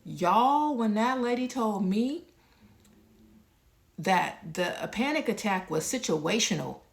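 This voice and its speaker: A woman's voice: medium pitch, expressive, slow, gravelly. A woman in her thirties telling a personal story straight to her viewers, candid and casual.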